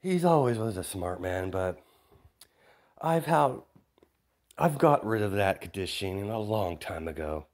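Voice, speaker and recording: A man voicing a cruel young male bio-weapon in a slow, low, threatening way, in a told fan story. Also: lively intonation. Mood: menacing.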